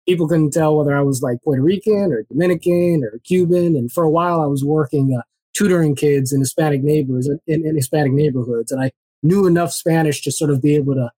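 A man speaking as an interview guest in a reflective, measured way with many fillers. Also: fairly high pitch, mellow, no echo. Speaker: guest, former congressional candidate. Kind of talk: reflective conversational storytelling.

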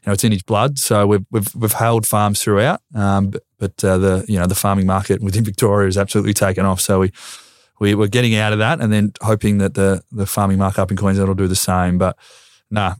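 A man's voice: fairly low pitch, flat delivery, fast, no room sound, studio quality. A man in his thirties with an Australian accent, a former footballer talking as a podcast guest. He is earnest and reflective, and he often repeats words while he works out a thought. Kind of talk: casual conversation.

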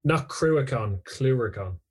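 An Irish man in his thirties talks as a guest in a casual interview. He rambles through memories in an easygoing way. His voice sits in a middle pitch. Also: expressive, takes it slowly, slightly rough. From Ireland. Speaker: guest band member. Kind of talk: casual chat.

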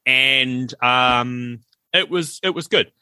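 A man's voice: medium pitch, slow pace, sharp tone, smooth, no room sound. A middle-aged man, co-hosting a casual podcast and telling stories animatedly, acting out the voices he quotes. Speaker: podcast co-host. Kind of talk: casual chat.

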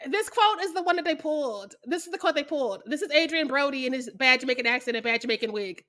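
A woman's voice: sits high, lively intonation, fast talker, few pauses, pushed and bright. A woman co-hosting a podcast over a video call, sarcastic and blunt, laughing often. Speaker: podcast co-host. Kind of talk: casual chat.

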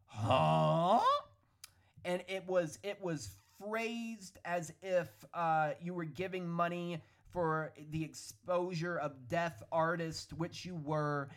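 A man hosting a solo podcast, ranting in an animated, opinionated way with a hoarse, worn-out voice. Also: on the high side, takes it slowly. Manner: animated, opinionated, hedging with "allegedly". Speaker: podcast host. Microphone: studio podcast microphone.

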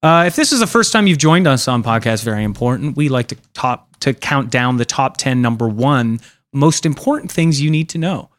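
A man's voice: medium pitch, expressive, normal speed, dry recording, clean studio sound. A young man hosting a casual comedy podcast, rambling loosely, swearing a lot and acting out voices. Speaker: podcast host.

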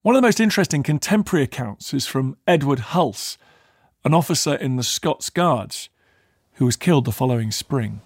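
Expressive male podcast narrator, dry sound. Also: medium pitch, moderate pace, husky, dry recording. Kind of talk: scripted narration.

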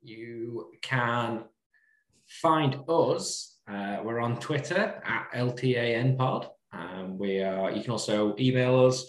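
A man's voice: mid-range voice, slow pace. A man hosting a podcast who chats in an easygoing way and thanks his guest. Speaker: podcast host. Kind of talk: casual chat. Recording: roomy echo.

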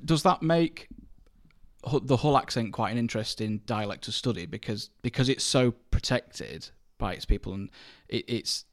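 A man's voice: mid-range voice, moderate pace. A man with a Lincolnshire accent hosting a podcast, asking long questions that circle around as he searches for words. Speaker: podcast host. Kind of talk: casual podcast interview.

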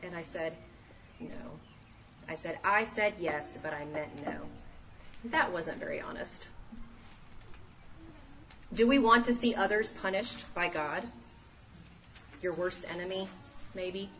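Woman, 30s, sermon, animated storytelling, distant mic, faint room hum. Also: on the low side, takes it slowly, long pauses. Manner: animated, acts out quoted voices. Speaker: speaker at a church talk.

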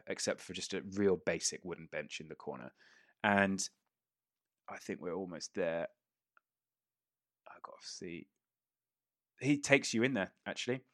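A man's voice: lowish voice, no echo, studio quality. A man narrating a tabletop game as game master, casual and sweary, laughing often.

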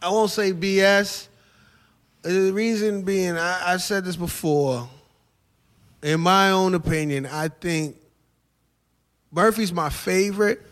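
Chill comedian guy chatting on a podcast, kinda high voice, slangy, says stuff twice. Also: slow pace, pauses often, a bit bright. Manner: laid-back, repeats phrases, slangy. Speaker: stand-up comedian and show host. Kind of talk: casual podcast interview.

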